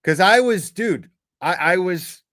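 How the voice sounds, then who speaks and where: Tearful man, halting speech. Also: high-pitched, animated, a bit bright, no echo, clean studio sound. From Tennessee. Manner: halting, repeats words, swears often. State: tearful, choked up. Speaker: true crime livestreamer. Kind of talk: emotional livestream talk.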